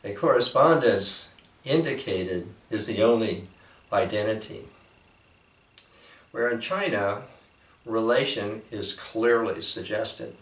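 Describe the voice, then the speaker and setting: A man giving a reflective, unhurried talk, with measured pauses and frequent fillers. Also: fairly low pitch, fairly bright tone. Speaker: speaker presenting a painting. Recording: roomy echo from a distant mic.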